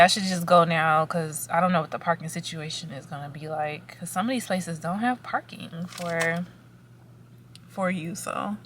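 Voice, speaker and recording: A woman's voice: on the low side, slight background noise. A young woman chatting casually in a rambling vlog update, recorded sitting in a car on a camera mic. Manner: rambling, chatty, many fillers and restarts. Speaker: vlogger. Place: in a parked car. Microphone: camera with foam windscreen.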